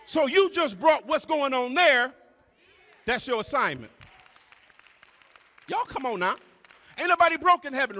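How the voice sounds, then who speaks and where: A man preaching a sermon to a congregation, calling out to them over and over and dropping to low murmurs between emphatic lines. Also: bright, forceful tone. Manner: calls and responses to the congregation, repetitive "y'all". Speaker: pastor. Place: church sanctuary. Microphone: live stream. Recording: long hall reverb.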